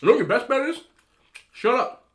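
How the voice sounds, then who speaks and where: A man in his thirties eating on camera, giving emphatic, animated relationship advice to other men and telling stories in a casual chat. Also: very high voice, brisk. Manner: storytelling with repeated disapproving hums. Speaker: mukbang vlogger.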